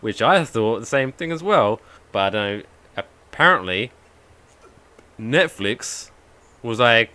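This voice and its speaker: A man co-hosting a podcast in casual chat, telling stories in an animated way with swearing and asides. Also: mid-range voice, slow, long pauses. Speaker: podcast co-host.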